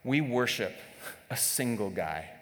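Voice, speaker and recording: A male pastor gives a sermon in a loose, conversational manner, full of restarts and quick jokes. His voice sits at an ordinary pitch. A long reverb from the hall trails after his words. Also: expressive, fairly bright tone. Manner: conversational and joking, with filler restarts. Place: church service.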